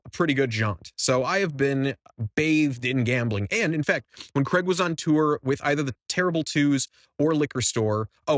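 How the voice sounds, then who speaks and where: A young man hosting a podcast, telling a casual story with animated quoted voices. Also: fairly high pitch, no echo. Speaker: podcast host.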